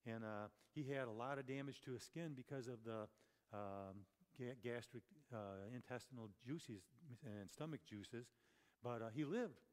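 Delivered in a medium-pitched, slightly mellow voice at normal speed, this conversational sermon by a man is chatty and peppered with rhetorical questions and self-corrections. The sound carries the long reverb of a large hall.

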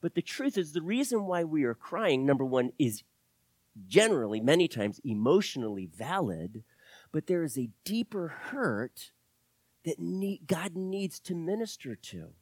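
Animated preacher with lively, swinging pitch. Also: male voice, measured pace, breathy edge, no echo. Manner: animated, swings from loud exclamations to hushed, whispered asides. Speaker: pastor. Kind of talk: sermon.

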